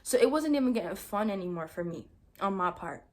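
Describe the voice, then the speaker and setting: A young adult woman vlogs casually, telling a dramatic story straight to her viewers in a fairly quick, medium-pitched voice. She's animated, says "like" constantly, and calls her audience "y'all."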